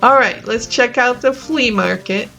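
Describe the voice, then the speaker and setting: A woman hosting her own gaming channel, talking through a cozy life-sim game in a gentle, chatty and easily amused way. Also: on the high side, measured pace, vocal fry, highs cut off, soft background music. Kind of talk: casual gameplay commentary.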